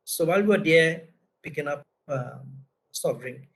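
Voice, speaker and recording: This Trinidadian man speaks in a fairly high, creaky voice at an unhurried pace, and the recording is rough. He teaches a business lesson through casual anecdotes, keeping it conversational and often tagging his points with "right?"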